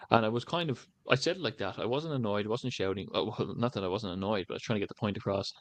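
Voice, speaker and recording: A man's voice: on the low side, very fast, few pauses. An Irish man in his thirties, a candidate talking in a loose, rambling way with lots of "you know" fillers. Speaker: election candidate canvassing. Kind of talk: casual interview talk.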